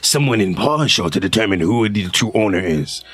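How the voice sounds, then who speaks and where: A man voicing a fussy, pedantic male creature who lectures about proper terms, a little lower than his own voice. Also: expressive, a little fast, a bit bright, breathy edge. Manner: prim, precise, lecturing.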